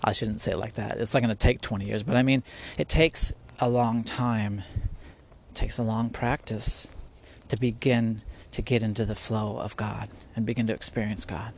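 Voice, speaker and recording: A man's voice: fairly low pitch, flat delivery, moderate pace, vocal fry. A man hosting a podcast, talking casually and earnestly about faith, rambling with restarts and laughing often. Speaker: podcast host. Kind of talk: casual spiritual talk. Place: at home, near spiders.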